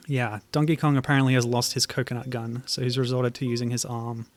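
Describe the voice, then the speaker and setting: Streaming old web games, a man offers casual commentary in a flat, mid-range voice recorded with no echo. His speech is halting and hesitant with plenty of fillers, and at times he reads the game's text aloud.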